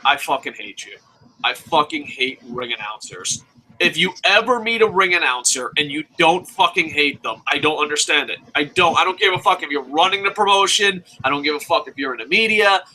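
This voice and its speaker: A young man hosting a wrestling review, ranting casually with lots of swearing and bursts of shouting. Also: fairly high pitch, slight background noise, low-quality recording. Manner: profane, ranting, shouts at times.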